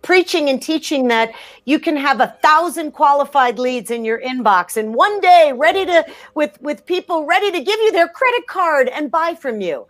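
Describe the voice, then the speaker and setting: A woman talking in a podcast interview, emphatic and energetic, often restarting her sentences. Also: sits high, normal speed. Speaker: guest.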